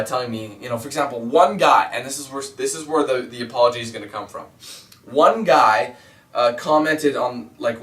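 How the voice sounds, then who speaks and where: A man's voice: medium pitch, a bit bright. A man vlogging casually as a gaming YouTuber, rambling and candid, with lots of fillers. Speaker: YouTube let's player. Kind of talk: casual vlog monologue. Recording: roomy echo, mic at a distance.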